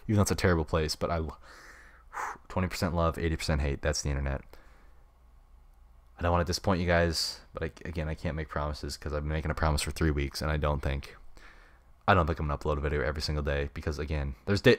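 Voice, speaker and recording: A man's voice: sits low, no echo. A young man in his late teens hosting a solo podcast from his room into a mic with a pop filter, rambling in laid-back slang. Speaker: podcast host. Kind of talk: unscripted solo podcast chat. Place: home room. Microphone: studio mic with pop filter.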